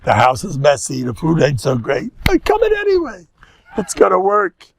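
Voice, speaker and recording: Older man, rabbi lecturer, husky and highish voice, very expressive, playful teaching tone. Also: moderate pace, no echo. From United States. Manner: animated and joking, mixing in Yiddish and Hebrew words. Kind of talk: informal Torah lecture.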